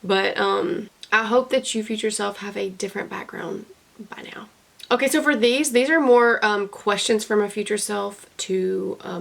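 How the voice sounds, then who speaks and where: A young woman speaks straight to her camera in a heartfelt video diary, her voice full of deep vocal fry. She rambles earnestly, circling back with fillers and restarts. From United States. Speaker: beauty vlogger.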